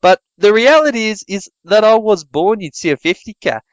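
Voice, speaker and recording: A man co-hosting a podcast, trading crude, deadpan jokes in casual comedy banter. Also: normal speed, clear, resonant tone, no echo, highs cut off. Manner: crude, deadpan banter with sudden jumps in pitch. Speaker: podcast co-host.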